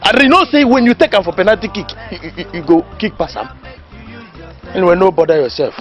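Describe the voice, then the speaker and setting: A high, swooping voice of a boisterous Nigerian know-it-all, lecturing with mock authority. He laughs between his points. Soft music plays underneath. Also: lively intonation, quick pace, dull audio. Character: loud know-it-all village man giving mock lessons. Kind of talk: Nollywood comedy film acting. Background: faint background music.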